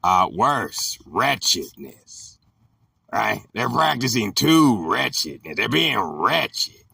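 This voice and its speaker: A man slowly teaching a Bible chapter in an informal, drawling way, repeating phrases and talking back to an imagined devil. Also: fairly low pitch, very animated, gravelly, sharp tone, breathy edge, no echo, recorded from a distance. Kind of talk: informal Bible study monologue.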